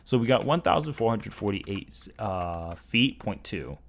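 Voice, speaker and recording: A man's voice: lowish voice, lively intonation, unhurried, gravelly. A man streaming live, talking casually as he works through calculations, often correcting himself, with keyboard typing heard behind him. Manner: rambling, self-correcting, working through math aloud. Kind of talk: casual livestream commentary.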